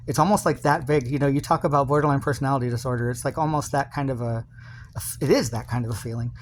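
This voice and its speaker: A man's voice: mid-range voice, quick pace, a little hiss or hum. A man recording a personal video message to his partner, rambling and confessional, full of fillers and restarts.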